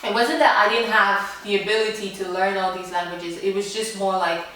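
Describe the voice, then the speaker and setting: A woman's voice: medium pitch, steady tone, fairly quick. Young woman from Nigeria, casual vlogger, chatty and giggly, roomy distant sound. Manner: chatty, laughs easily, trails off softly. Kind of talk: casual chat to camera. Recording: echoey room, far from mic.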